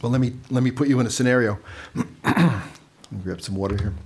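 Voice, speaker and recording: A man's voice: mid-range voice, fast, a little mellow, slightly rough. A man giving a casual, conversational sermon, telling stories with asides and repeating words as he goes. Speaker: preacher.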